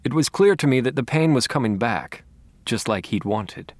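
Measured male audiobook narrator, dry sound. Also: mid-range voice, expressive, a little mellow, no echo. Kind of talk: first-person audiobook narration.

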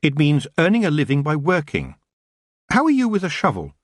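A man's voice: fairly high pitch, fairly quick, no echo, clean studio sound, pitched above the performer's own voice. A man voicing a sensible, kind young witch who speaks firmly and practically. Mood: patient. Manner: calm, practical, firm.

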